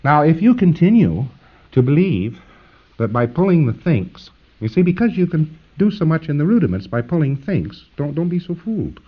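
A man's voice: a little high, sing-song, moderate pace, husky, lo-fi sound. A man giving a conversational, jokey lecture to trainees, acting out little scenes as he explains.

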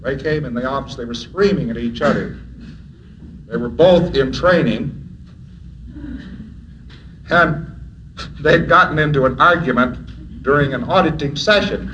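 A man's voice: medium pitch, measured pace, long pauses, a bit bright, dull audio, slight background noise. A man giving an anecdotal lecture who chuckles often and acts out dialogue in his stories.

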